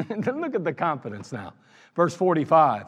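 A pastor preaches in a church sanctuary whose hall echoes with long reverb. His fairly high, fairly bright, slightly rough voice swoops wildly in pitch at a moderate pace as he animatedly tells the story and performs the quoted lines.

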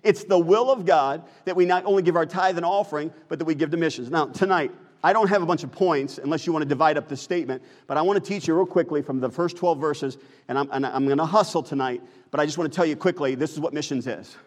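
American male pastor, sermon delivery, quizzes the congregation, higher-pitched voice. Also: quick pace, few pauses, big-room sound. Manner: preaching, asks the congregation questions. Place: church sanctuary.

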